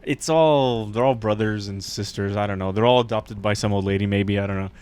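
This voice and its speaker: A man's voice: on the low side, a little fast, darkish tone, smooth. Rambling man retelling a plot. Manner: rambling, acts out quotes, laughs often. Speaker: podcast co-host. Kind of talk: casual chat, retelling a show's plot.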